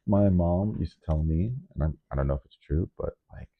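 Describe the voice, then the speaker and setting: Deep-voiced man rambling in a tinny vlog. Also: brisk. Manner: rambling, animated, swings suddenly into high loud bursts; nervous on camera. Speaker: DJ and vlogger. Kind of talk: casual vlog monologue. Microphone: microphone. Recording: narrow phone-like sound.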